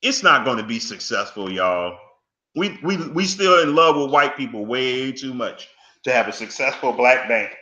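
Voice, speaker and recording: Fervent preachy man, forceful voice. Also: medium pitch, lively intonation, normal speed, dull audio. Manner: preachy and emphatic, pleading with the audience; drawls "y'all" and scolds with folksy phrases. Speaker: commentator reacting to an interview clip. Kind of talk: fervent spoken commentary.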